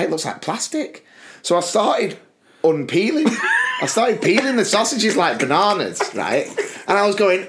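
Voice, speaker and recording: A man's voice: high voice, very animated, normal speed, fairly bright tone. A British man co-hosting a podcast, telling a long personal anecdote in casual chat and often breaking into laughter. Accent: British English. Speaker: podcast co-host.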